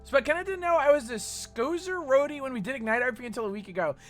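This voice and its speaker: Woman streamer, high voice, animated, giggly and teasing, light game music behind. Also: fast talker. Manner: giggly, teasing, swears often. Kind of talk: casual gaming stream chat.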